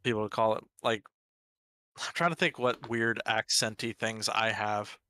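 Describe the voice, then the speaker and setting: A man's voice: lowish voice, steady tone, moderate pace, bright, forceful tone, a little hiss or hum. A man from the Washington, D.C. area with a local American accent, chatting casually and rambling while he sculpts. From Washington, D.C. area, USA. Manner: rambling, laughs easily.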